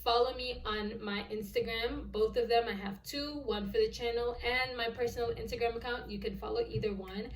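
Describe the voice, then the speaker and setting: A woman's voice: on the high side, fairly even intonation, fairly quick, hardly any pauses. A woman vlogger recapping a film in a casual review, telling it with exasperated disbelief. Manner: exasperated, incredulous storytelling. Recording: echoey room, distant mic.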